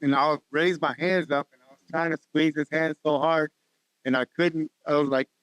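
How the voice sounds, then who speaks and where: Man, personal testimony, earnest, halting, resonant voice, dry close mic. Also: fairly high pitch, fairly even intonation, fairly bright tone, clean tone, no room sound, muffled recording. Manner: halting, repeats words, earnest storytelling. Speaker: guest sharing testimony. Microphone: podcast studio mic.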